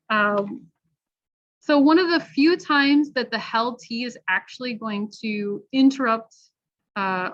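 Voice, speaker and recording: A fairly high-voiced American woman leads an online pronunciation class. She is encouraging and explains clearly with examples. Her voice comes through a dull, lo-fi video call. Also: fairly bright tone. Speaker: English pronunciation teacher. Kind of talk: online workshop teaching.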